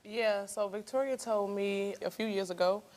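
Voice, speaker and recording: A woman's voice: mid-range voice, steady tone, moderate pace, darkish tone. Chatty woman in her thirties, talk show guest. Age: 30s. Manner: chatty, laughs easily, trails into restarts. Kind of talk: casual conversational storytelling.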